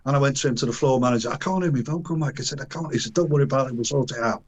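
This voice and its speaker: An older man spins a rambling story for an interviewer, full of slang and half-finished restarts. He slips into the voices of the people in his tale and breaks off with little chuckles. His voice sits at an ordinary middle pitch. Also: racing, slightly rough. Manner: animated, acts out quoted voices, frequent restarts and chuckles; colloquial, earthy slang. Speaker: interview guest. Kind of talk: casual storytelling anecdote.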